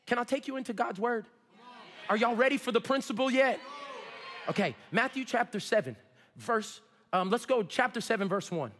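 A male pastor preaching a sermon, swinging between shouts and low asides. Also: lively intonation, normal speed, in a large hall. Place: church sanctuary.

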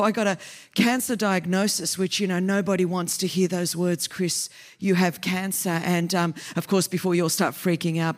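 Fired-up Australian woman preaching. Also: on the low side. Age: 50s. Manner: fired-up, joking, fast and continuous. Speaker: guest preacher. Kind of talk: energetic sermon.

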